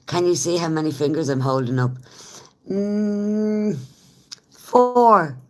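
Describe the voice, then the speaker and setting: A woman's voice: sits low, fast talker, a little mellow. An Irish woman and smoker chatting casually with viewers on a live stream, laughing often as she talks. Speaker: livestreamer.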